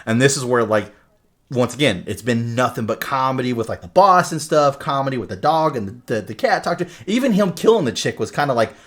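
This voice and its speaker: Man, podcast co-host, casual chat, animated movie retelling, lots of swearing and filler words. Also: medium pitch, fairly quick. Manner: animated storyteller, heavy swearing, many fillers.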